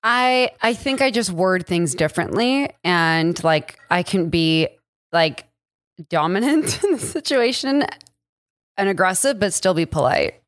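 A woman's voice: on the low side, lively intonation, measured pace, dry recording, clean studio sound. A young woman co-hosting a podcast who talks in a self-assured, assertive way. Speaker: podcast co-host. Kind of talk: casual chat.

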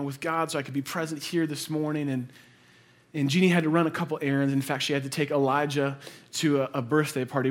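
A man in his thirties preaching a sermon as a pastor, earnest, mixing personal stories with building emphasis and quiet, low endings. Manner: earnest, builds to intense emphasis then drops soft and low; conversational storytelling with quick asides.

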